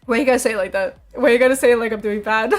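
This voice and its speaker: A woman's voice: fairly high pitch, rapid-fire, faint music behind. A young woman streaming, chatting casually with her viewers, laughing often and repeating herself.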